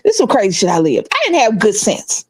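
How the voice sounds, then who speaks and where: A middle-aged woman telling a story in casual chat, animated and laughing, acting out the other people's voices. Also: medium pitch, quick pace, husky, dry recording. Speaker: podcast co-host.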